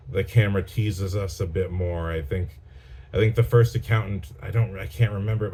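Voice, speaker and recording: A man's voice: low voice, dark tone. A filmmaker talking casually about a film he watched, rambling and enthusiastic with many restarts. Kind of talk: casual chat.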